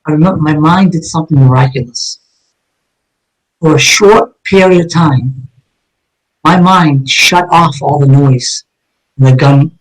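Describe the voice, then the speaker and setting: A man's voice: on the high side, low-quality recording. A middle-aged man, a guest telling a first-person story in a blunt, profane and intense way. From Northeast US. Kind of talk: emotional first-person account.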